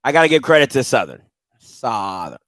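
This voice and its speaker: A man's voice: medium pitch, sing-song, normal speed, fairly bright tone, no room sound. A man hosting a casual sports chat, loose and conversational, often repeating himself. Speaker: host.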